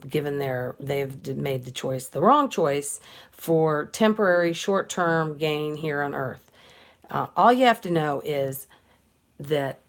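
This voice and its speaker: A middle-aged woman giving an earnest, preachy faith talk in a casual style, with frequent restarts and fillers. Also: low voice. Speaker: political commentator.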